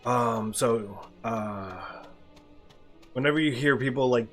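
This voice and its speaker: A man playing a video game and explaining it dryly, often trailing off into a quiet mumble. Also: mid-range voice, a little slow, soft background music. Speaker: player and co-host of a gameplay video. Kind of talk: casual gameplay commentary.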